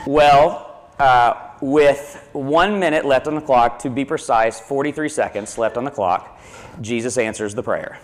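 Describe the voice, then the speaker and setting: A man's voice: medium pitch, unhurried, a little hiss or hum. A male pastor preaching a sermon, telling a family story in a conversational way and repeating himself as he goes.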